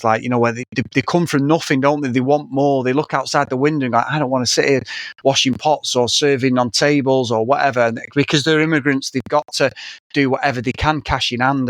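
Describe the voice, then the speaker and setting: A man's voice: medium pitch, a bit bright, dry recording. A man co-hosting a podcast, giving blunt, sweary opinions in casual film chat. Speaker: podcast co-host.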